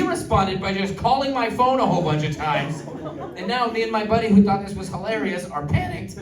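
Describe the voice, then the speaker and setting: A man's voice: sits high, lively intonation, a little fast, far from the mic, a crowd in the background. A man doing a stand-up comedy set and telling stories in a chatty way, with lots of fillers. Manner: chatty storytelling with filler words. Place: comedy venue with live audience. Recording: roomy live audience recording from afar.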